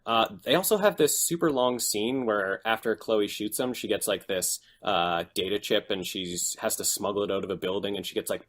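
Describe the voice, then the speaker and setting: A man co-hosting a casual podcast, retelling scenes in an animated, exaggerated way. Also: on the low side. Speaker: podcast co-host. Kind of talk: casual chat.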